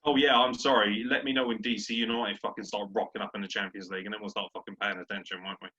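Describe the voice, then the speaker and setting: A man's voice: fairly low pitch, flat delivery, fast talker, pushed and bright, breathy edge. A young man, a podcast co-host in casual sports chat, brash, sweary and ranting. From Britain. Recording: dull lo-fi audio.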